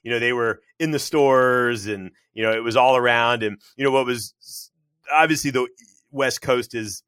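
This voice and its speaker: A man hosts a relaxed interview, chatting loosely and circling his points with fillers. His voice is bright and forward. The recording is dry and close. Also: mid-range voice, normal speed, clean tone, no room sound. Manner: loose, many fillers and restarts. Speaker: podcast host. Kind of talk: casual interview chat.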